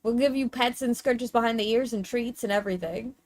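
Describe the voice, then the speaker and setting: A woman's voice: a little high, a little fast, no echo. A woman streamer chatting casually while showing pictures, gushing and cooing in baby talk, with casual swearing.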